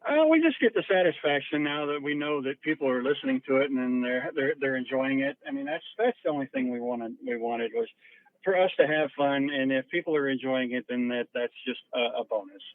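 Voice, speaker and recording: A man speaking casually in an interview, halting and repeating words as he talks. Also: medium pitch, animated, no echo. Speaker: interviewee, theater producer. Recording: dull dry lo-fi audio.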